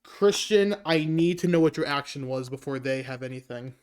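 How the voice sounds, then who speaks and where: A man's voice: mid-range voice, moderate pace, a little mellow, clean tone. A man narrating as game master, describing scenes loosely with many fillers.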